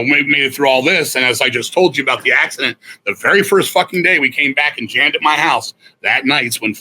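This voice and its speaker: Bright-voiced, profane male storyteller. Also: medium pitch. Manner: profane, rambling, self-correcting storyteller. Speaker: guest musician. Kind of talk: candid storytelling interview.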